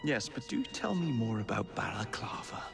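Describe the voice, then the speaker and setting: An actor playing a dry, sardonic male assassin with a slow, drawling delivery in a game cutscene. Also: lowish voice, very animated, gravelly, music in the background, heavily acted. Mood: sarcastic.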